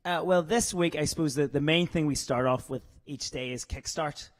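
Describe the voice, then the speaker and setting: Northern irish guy, kinda high voice, joking around and chuckling at himself. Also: normal speed. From Northern Ireland. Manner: jokey, self-deprecating, chuckles often. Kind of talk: casual interview chat.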